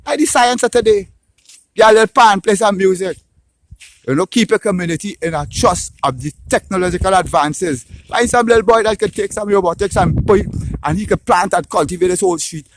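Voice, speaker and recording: Ranting high-voiced Trinidadian man. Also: a little hiss or hum. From Trinidad and Tobago. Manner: animated, ranting, swears, tags lines with "right?". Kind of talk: casual opinionated monologue.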